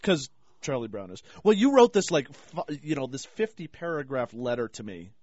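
A man's voice: medium pitch, sing-song, normal speed, darkish tone, no room sound. A man co-hosting a radio show, tossing in wry, teasing remarks. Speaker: radio co-host. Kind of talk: casual radio talk. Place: radio studio. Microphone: studio microphone. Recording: dry, dull-toned studio sound.

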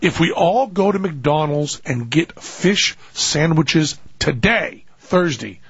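A man's voice: a little high, expressive, takes it slowly, fairly bright tone, breathy edge, dry recording, lo-fi sound. A man hosting a talk radio show, riffing in a sarcastic, rambling comic monologue.

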